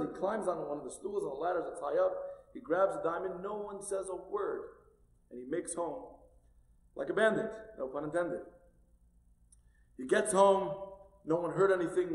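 A man telling a traditional tale with animated delivery, going from loud to hushed. His voice sits a little high. The sound carries a long hall reverb. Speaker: storyteller. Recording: echoey hall.

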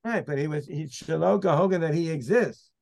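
A man's voice: a little high, moderate pace, vocal fry, a little mellow. A man teaching and debating a Talmud passage, emphatic and restating his points. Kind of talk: Talmud study discussion.

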